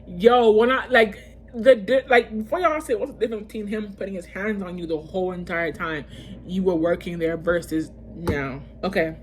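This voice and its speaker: A woman speaks straight to her viewers in a casual storytime vlog, animated and slangy. She talks in quick bursts full of fillers and restarts, with a faint ambient hum behind her. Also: medium pitch. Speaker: vlogger telling a personal story.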